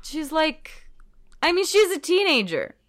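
A woman's voice: high voice, very animated, unhurried, a bit bright. A woman co-hosting a podcast in casual chat, recapping an episode at length and laughing often as she goes. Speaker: podcast co-host.

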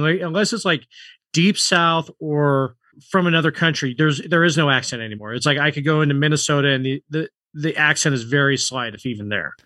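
Podcast co-host, man from California, higher pitch, dry close sound, riffs with opinions. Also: bright, forceful tone, dry recording. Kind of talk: casual conversation.

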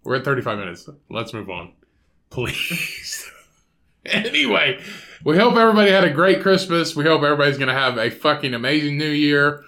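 A man with a Midwestern accent holds forth on a casual podcast, swearing freely and arguing back. His voice sits a bit high and comes across forceful and bright. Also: lively intonation, fast. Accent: Midwestern American. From American Midwest. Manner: brash, swears a lot, argues back. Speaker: podcast co-host. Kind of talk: casual chat.

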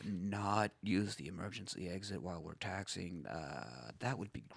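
A man putting on a slow, nasal, monotone voice of a passive-aggressive male boss making a pilot announcement. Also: sits low, creaky, noisy background, voice pushed down. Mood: deadpan. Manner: slow, nasal, drawling requests.

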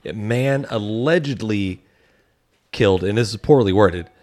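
A man's voice: on the low side, measured pace, darkish tone. A man hosting a podcast in casual chat, laid-back as he moves the show between segments. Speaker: podcast host.

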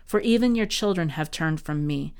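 Female scripture reader, low and smooth, expressive delivery. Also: moderate pace. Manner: expressive, dramatic reading. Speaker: Bible reading podcast host. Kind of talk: scripture reading.

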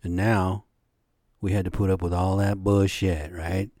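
Profane, ranting podcast man, deep voice. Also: level tone, unhurried, mellow, no room sound, studio quality. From American Indian from the United States. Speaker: podcast host. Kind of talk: solo podcast rant.

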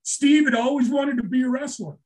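A man's voice: very high-pitched, brisk, a little mellow. An older man telling a story in casual talk, swearing a lot, getting emotional and restarting his sentences. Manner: emotional, swears often, repeats himself. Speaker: storyteller guest.

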